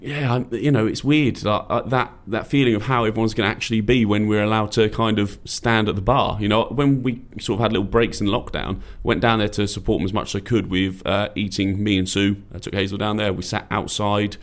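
Low-voiced chatty British man, fast talker. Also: fairly even intonation. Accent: British English. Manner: rambling, jokey, puts on drunk-bloke voices. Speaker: podcast co-host. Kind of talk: casual chat.

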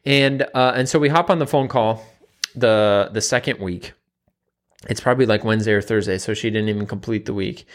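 A man's voice: on the low side, a little fast. Man, nutrition coach, casual monologue, rambling, fillers and repeats.

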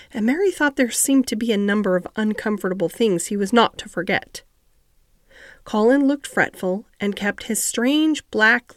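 A woman narrating a classic children's novel steadily and clearly as an audiobook reader. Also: medium pitch, dry recording, clean studio sound. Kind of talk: storybook narration.

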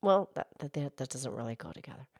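A woman's voice: very deep voice, lively intonation, fast, husky, dry recording, studio quality, heavily acted. A woman voicing a patient, knowledgeable female cow who co-hosts a playful podcast and explains things in a teacherly way. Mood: explaining. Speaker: podcast co-host. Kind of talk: playful kids' podcast role-play.

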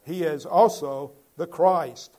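A man's voice: on the high side, slow, warm tone. A man preaching a Bible-teaching sermon in a conversational way, asking his listeners questions and building to emphatic points.

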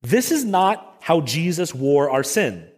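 A middle-aged pastor preaches a Sunday sermon in a church sanctuary, conversational and sprinkled with self-deprecating asides. His voice sits on the high side, very animated yet unhurried, with a breathy edge, and long church reverb trails each phrase.

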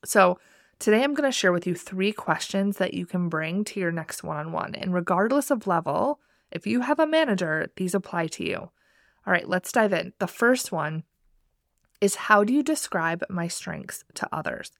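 A woman's voice: on the low side, animated, moderate pace, vocal fry, dry recording, studio quality. A woman hosting a career podcast, talking directly and with upbeat motivation. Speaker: podcast host and career coach. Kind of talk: scripted podcast intro and solo talk.

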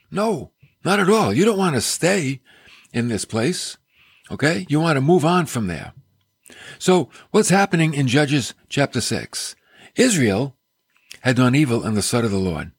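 A man delivers a folksy radio sermon from a studio, throwing in playful asides. His voice sits a little high and swings widely in pitch. It has a husky edge, recorded dry and close, with faint music behind. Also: dry recording. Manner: folksy, animated, joking asides. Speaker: radio Bible teacher and host.

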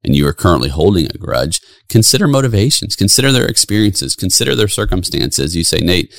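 A man's voice: low-pitched, big pitch swings, a little fast, gravelly, fairly bright tone, no echo, studio quality. A middle-aged man hosting a solo podcast, speaking with earnest, preacherly emphasis. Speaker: podcast host.

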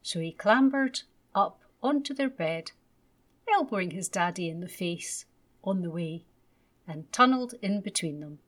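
A woman gently and expressively reading a children's bedtime story aloud. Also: on the low side, expressive, measured pace.

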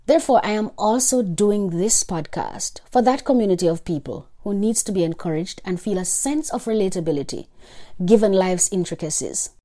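A woman's voice: medium pitch, lively intonation, moderate pace, warm tone. A young woman from Jamaica hosting her own podcast, reading an upbeat, emphatic monologue. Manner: upbeat, emphatic, list-like delivery. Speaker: podcast host.

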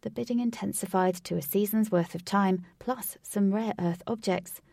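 A woman's voice: medium pitch, moderate pace, vocal fry, a little mellow, no room sound, far from the mic. A woman narrating a fantasy story aloud, reading evenly.

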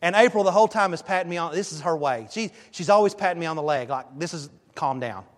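A male pastor preaching a sermon and telling a story in a lively, emphatic way. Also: high-pitched, fast talker, big-room sound. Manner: animated storytelling, emphatic rises. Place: church sanctuary.

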